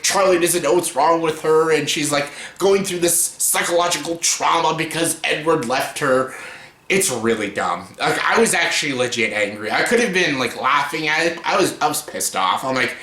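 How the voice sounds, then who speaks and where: A man's voice: fairly high pitch, normal speed, sharp tone. A young man ranting in a casual film review, exasperated and mocking, cursing often and breaking into laughter. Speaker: YouTuber reviewing films. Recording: echoey room.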